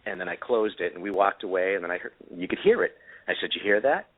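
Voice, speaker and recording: A man's voice: sits low, fast talker. A man calling in as a guest, telling a story in a rambling way with many fillers and restarts. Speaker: guest inventor of camera glasses. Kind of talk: casual storytelling on a call-in show. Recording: tinny phone line.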